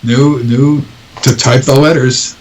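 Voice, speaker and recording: A man's voice: mid-range voice, steady tone, slow, rough recording. A man answering interview questions in casual talk, hesitant, with many ums and restarts. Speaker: guest author.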